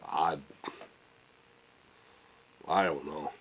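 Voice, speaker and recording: A man's voice: steady tone, drawn-out words, husky, poor audio. Middle-aged man, casual vlog rant, swears constantly, rambles and trails off into mumbling. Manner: rambling, profane, trails off into low mutters. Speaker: vlogger.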